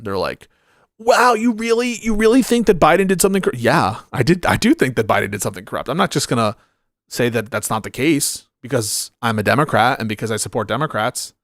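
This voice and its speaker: A man's voice: medium pitch, a bit bright, no room sound, studio quality. A man streaming political commentary, blunt and profane, rambling as he searches through viewer comments. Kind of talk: livestream commentary reading chat.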